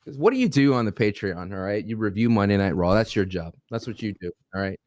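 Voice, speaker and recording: A man's voice: on the low side, animated, quick pace, a little mellow, no room sound. A man co-hosting a podcast, arguing in casual banter with playful mock grief and bursts of stammering. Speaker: podcast co-host.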